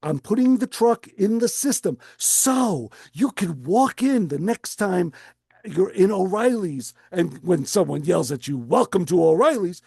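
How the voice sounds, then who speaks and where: Man, radio co-host, lively storyteller, dry close sound. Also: sits high, unhurried, vocal fry, breathy edge, no echo. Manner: animated storyteller acting out voices. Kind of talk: casual storytelling on talk radio.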